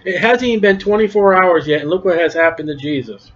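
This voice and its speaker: High-voiced preacher man, emphatic. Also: fairly quick, fairly bright tone. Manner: conversational, emphatic, stumbles and repeats words. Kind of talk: sermon-style Bible study. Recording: dull lo-fi recording.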